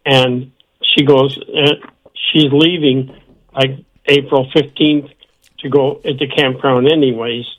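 A man calling in to a radio show, fighting the hiccups and talking haltingly with many restarts. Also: mid-range voice, steady tone, fairly bright tone, poor audio. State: has the hiccups. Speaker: caller. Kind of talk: call-in phone chat.

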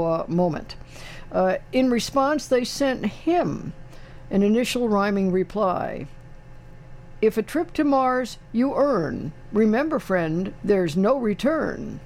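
An older man with a high-pitched, slightly mellow voice hosts a radio call-in show. He chats casually, wry and rambling, with plenty of fillers.

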